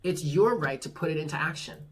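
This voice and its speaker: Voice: mid-range voice, expressive, a little fast, husky. A tarot reader giving a casual monthly reading, talking frankly, swearing freely and reassuring the listener. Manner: laughs at own jokes.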